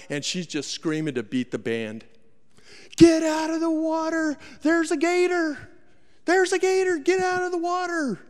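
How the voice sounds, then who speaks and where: Folksy preacher in a reverberant hall. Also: male voice, on the high side. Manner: folksy, dramatic storyteller, acts out voices. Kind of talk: sermon storytelling.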